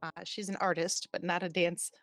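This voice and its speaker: A woman in her forties, a podcast host, telling a personal story in an animated, chatty way. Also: lowish voice, normal speed, no room sound, soft background music. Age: 40s. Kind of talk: casual storytelling chat.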